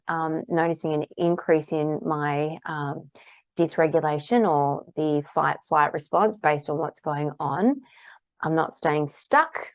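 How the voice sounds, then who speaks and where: A woman's voice: deep voice, darkish tone, no echo, lo-fi sound. A woman practitioner giving a casual, candid talk about tapping, acting out the phrases she repeats aloud while tapping.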